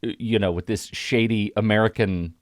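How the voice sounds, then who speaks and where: A man's voice: lowish voice, fairly even intonation, normal speed, no echo, clean studio sound. A man hosting a film podcast in casual chat, thinking aloud and circling back on his sentences. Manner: thinking aloud, rambling with restarts. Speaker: podcast host.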